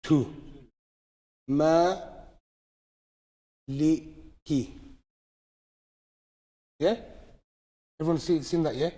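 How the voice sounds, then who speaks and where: Speaking very slowly and pausing often, a man with a mellow, high-leaning voice teaches recitation rules in a live class. He walks through each step and checks that students are following, his words echoing with long reverb in a large mosque hall.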